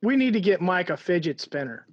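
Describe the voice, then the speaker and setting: A man's voice: high-pitched, very animated, a little fast. A man co-hosting a casual podcast, blunt and crude in his jokes. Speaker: podcast co-host. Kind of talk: casual chat among friends. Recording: lo-fi audio with faint noise.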